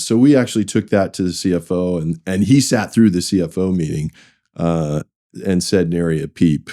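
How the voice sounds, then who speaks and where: Speaking at a moderate pace, a middle-aged man with a deep, dark voice recounts his career as a finance executive. The interview storytelling is conversational and rambling, with restarts and acted-out quoted dialogue.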